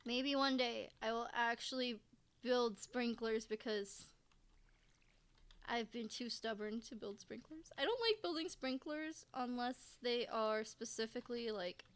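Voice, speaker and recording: Woman, game streamer, casual let's-play chatter, rambling self-talk, restarts and giggles, very slow delivery. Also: fairly high pitch, clear, resonant tone.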